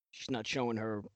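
A man's voice: on the low side, dry recording. A man guest on a podcast, chatting casually while watching TV, laughing often and making wry jokes.

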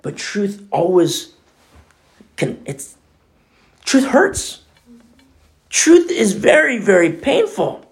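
A pastor giving a conversational sermon, animated and emphatic, at times dropping to a hushed near-whisper. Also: male voice, high-pitched, very slow, pauses often.

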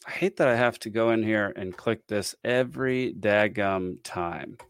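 A man with a slightly low voice talks off the cuff as a podcast host, rambling and wry, trailing off into ums and small laughs. The sound is dry and close, with no room echo. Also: measured pace, clean tone. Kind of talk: casual commentary.

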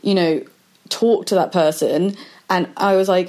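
Woman, lower voice, podcast chat, chatty storyteller, acts out quoted lines. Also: steady tone, a little slow, a little mellow. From Britain.

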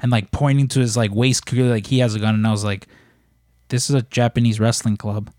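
A man's voice: mid-range voice, steady tone, a little fast, dark tone, dry recording, studio quality. Rambling, swearing man telling stories. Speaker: podcast co-host. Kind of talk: casual chat.

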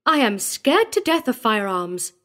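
A man doing a fussy, titled lady from a storybook reading, pitched very high with a lively, swooping voice. She sounds shrill and easily frightened, as if near a squeal. The voice seems set back from the microphone. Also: unhurried, exaggerated voice. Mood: nervous.

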